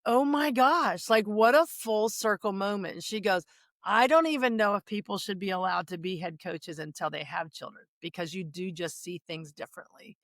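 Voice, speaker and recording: A middle-aged woman hosting a podcast interview, telling an animated story full of acted quotes. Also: medium pitch, normal speed, dry recording. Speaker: podcast host. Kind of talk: casual interview chat.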